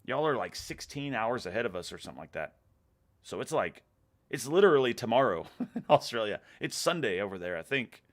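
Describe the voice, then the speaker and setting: A man's voice: medium pitch, big pitch swings, fairly quick. A man with a Texas accent hosting a casual livestream, reading viewer comments aloud with a laid-back, chuckling manner while drinking beer. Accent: Texan. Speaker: livestream host.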